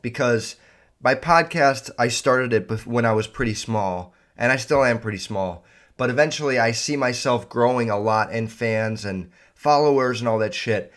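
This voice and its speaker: Rambling, cussing young podcast host. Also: male voice, mid-range voice, normal speed, a bit bright. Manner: rambling, heavy profanity, lots of fillers. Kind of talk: casual solo podcast rant.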